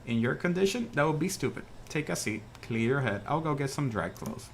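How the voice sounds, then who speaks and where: A man voicing a young male sparrow fisherman, eager and helpful, reading game dialogue aloud in a high fussing voice. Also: lively intonation, a little fast, slight background noise, lightly acted.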